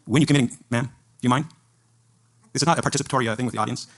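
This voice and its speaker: A man giving a fervent debate speech to an audience at a live event, preaching in rapid-fire bursts. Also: mid-range voice, fairly bright tone.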